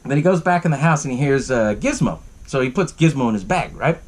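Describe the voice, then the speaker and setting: A man's voice: mid-range voice, animated, fairly quick. A man hosting a podcast, casually recapping a movie, swearing often and laughing along. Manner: profane and laughing, lots of fillers. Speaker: podcast host.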